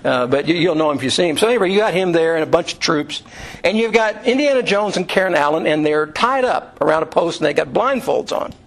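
A male pastor preaching in a relaxed, rambling way, full of "you know" and "uh" and restarts. His voice sits a little high for a man and has a gravelly, fry-laced edge. He talks to the room as if chatting with friends. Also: fast. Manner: conversational storytelling with many fillers and restarts. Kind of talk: sermon. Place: church room.

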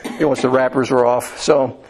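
A man from Indiana preaching a sermon in a folksy, storytelling way, often restarting and filling pauses. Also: mid-range voice, level tone, darkish tone, low-quality recording. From Indiana, USA.

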